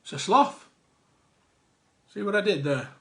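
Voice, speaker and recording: A man's voice: high-pitched, big pitch swings, a little slow, vocal fry, sharp tone. A man hosting a live online quiz, reading out answers with jokey, chatty asides. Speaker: quiz host.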